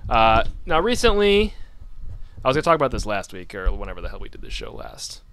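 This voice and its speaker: Smooth-voiced man rambling on a radio show. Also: mid-range voice, big pitch swings, fairly quick, a bit bright. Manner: rambling, joking, many restarts. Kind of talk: casual chat.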